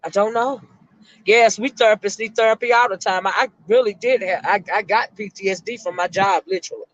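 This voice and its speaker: A middle-aged woman, a retired school counselor, hosting an emotional live-stream chat and speaking haltingly to her viewers. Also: medium pitch, dry recording, lo-fi sound. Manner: emotional, halting, repeats words while talking to her chat.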